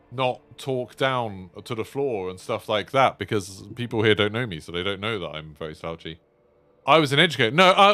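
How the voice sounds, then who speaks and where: A man's voice: lowish voice, sharp tone, smooth. A man in his thirties chatting casually to viewers while streaming, rambling with lots of fillers. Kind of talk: casual live-stream chat.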